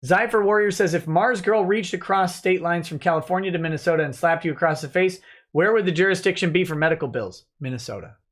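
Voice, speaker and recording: A man with a fairly high voice hosts a laid-back livestream at his desk mic. He reads viewer comments aloud in a chatty, offhand way and tosses quick replies back. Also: a bit bright. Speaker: livestream host reading chat. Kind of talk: relaxed live-stream chat.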